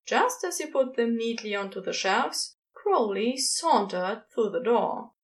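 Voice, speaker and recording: A woman reading a fan story aloud in a gentle, expressive narration. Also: on the high side, a little slow. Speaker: podfic reader. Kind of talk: scripted narration.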